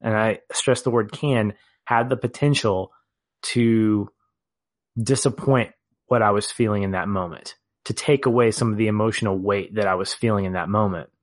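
A man co-hosting a podcast, talking through a film in casual discussion, animated at times and laughing as he reflects. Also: on the low side, normal speed, no room sound. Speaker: podcast co-host.

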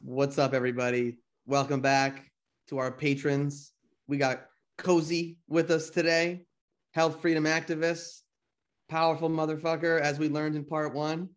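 A man's voice: fairly high pitch, unhurried. Laid-back man hosting a podcast. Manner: relaxed, loose, swearing casually. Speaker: podcast host. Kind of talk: casual podcast interviewing.

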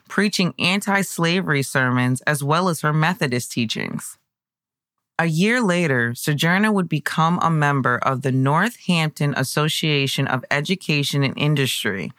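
A podcast host narrating history in a conversational way, breaking into excited personal asides. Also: medium pitch, dry recording, studio quality.

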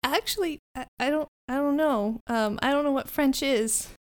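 Brief: woman voicing a scared little boy, halting and stammering, for a tabletop game. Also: high-pitched, voice pushed up, lightly acted. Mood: timid. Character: frightened young boy, timid and shaken.

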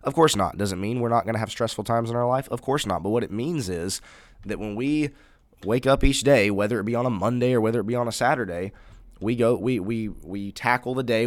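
A man's voice: medium pitch, dry recording. A man co-hosting a Christian podcast, talking in an earnest, emphatic way and restarting phrases as he rephrases. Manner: earnest, emphatic, repeats words when rephrasing. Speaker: podcast co-host. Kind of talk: casual Christian podcast discussion.

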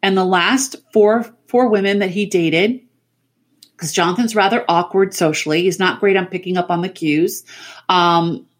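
A middle-aged woman, a podcast guest, telling family stories in casual chat over a remote call, animated and laughing often. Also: lowish voice, normal speed. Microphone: remote call mic.

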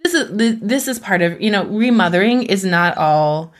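A woman's voice: medium pitch, animated, moderate pace. A woman parenting expert talking as a podcast guest in a casual, earnest way, often laughing between points. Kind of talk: casual conversation.

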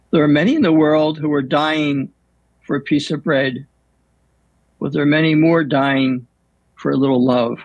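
An older man, a priest, telling stories in an unhurried, reflective way with many pauses and fillers. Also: fairly high pitch, fairly even intonation, no echo, rough recording. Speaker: priest guest. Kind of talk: storytelling in an interview.

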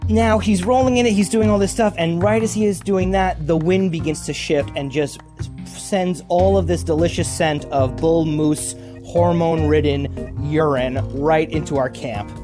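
A man telling a casual spoken anecdote, acting out voices and sounds in a lively way. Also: fairly high pitch, normal speed, over music. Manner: animated, acts out voices and sounds. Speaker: guest storyteller.

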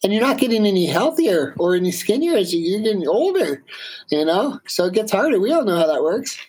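A man, a guest on an interview show, telling an animated story in a casual way, with many fillers. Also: sits high, a little fast, husky, rough recording.

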